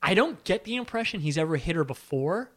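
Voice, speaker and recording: Guy gabbing about a movie, lively up-and-down voice, goes off on tangents and pokes fun at himself. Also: fairly high pitch, fairly quick. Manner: animated, digressive, self-deprecating. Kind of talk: casual film discussion.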